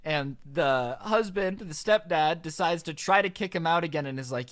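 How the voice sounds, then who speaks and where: A man telling a story casually over gameplay, chatty and animated, with lots of fillers. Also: fairly high pitch, moderate pace. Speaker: storytime narrator.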